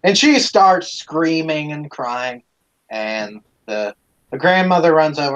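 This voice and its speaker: A man's voice: fairly high pitch, lively intonation, measured pace, a bit bright, rough recording. Profane man telling a rambling story. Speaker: live-stream host. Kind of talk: casual storytelling.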